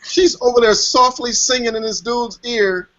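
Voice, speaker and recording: A man hosting online hangouts, chatting and telling animated stories over a video call. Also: extremely high pitch, moderate pace. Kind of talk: casual chat. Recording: dull lo-fi online call audio.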